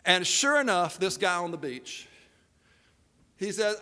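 A man preaching a sermon as animated, humorous storytelling, slipping into voices for the characters. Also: sits high, unhurried, pauses often, in a large hall.

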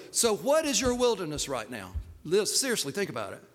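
A man's voice: high voice, wildly swooping pitch, fairly quick, in a large hall. An older man, a pastor giving a personal, earnest sermon with hesitant fillers.

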